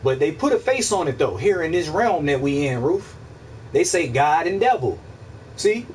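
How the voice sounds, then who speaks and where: A man hosting a casual livestream, musing out loud in a rambling, profane way, repeating himself and answering his chat. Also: on the high side, sing-song, normal speed, distant mic, slight background noise, low-quality recording. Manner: rambling, profane, repeats himself, asks listeners if they follow. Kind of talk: casual philosophical monologue.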